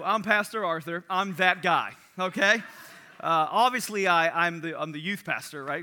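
A young male youth pastor with a high voice and a piercing, sharp-edged timbre, telling a funny story on himself at a church service. He jokes at his own expense and then settles into the sermon. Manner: animated storyteller, self-mocking and joking. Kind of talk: sermon opening with a humorous personal story.

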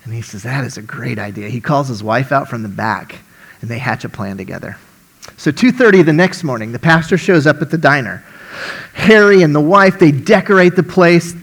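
A man preaching a sermon and telling a story, delivering it animatedly and swinging from hushed to loud. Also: medium pitch, creaky.

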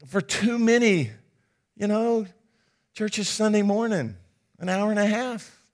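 Male pastor, slightly high voice, emphatic sermon delivery with hushed lows and loud peaks, folksy asides. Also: unhurried. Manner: folksy, jokes with the congregation.

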